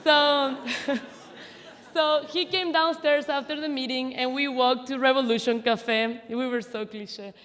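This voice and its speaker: This is a live memorial speech in a big hall with noticeable reverb. A woman in her thirties, with a high voice, fairly bright tone, and fairly even intonation, unhurriedly tells a personal story, chatty and self-teasing with plenty of laughter.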